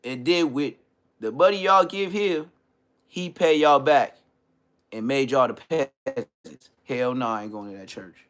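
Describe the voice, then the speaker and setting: A man in a middle register rants through a comedic roast on his podcast. He talks in heavy slang and mocks his targets with open contempt. His voice jumps from loud, indignant outbursts to low, dismissive mutters. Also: measured pace. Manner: trash-talking, heavy slang, mocking. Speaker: podcast host.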